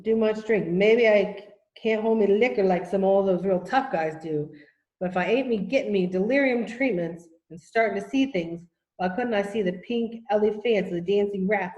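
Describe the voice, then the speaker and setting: A woman voicing a tiny, angry and weepy adult male cowboy with a gruff Texas drawl, in an echoey room. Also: medium pitch, muffled recording, natural voice. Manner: gruff drawling, shouting and self-pitying.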